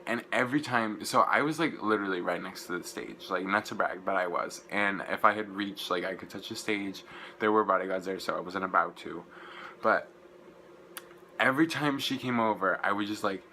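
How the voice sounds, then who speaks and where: A young man, gushing and rambling through an excited casual vlog recap, full of "like" fillers. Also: low voice, normal speed, a little hiss or hum, poor audio. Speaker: vlogger.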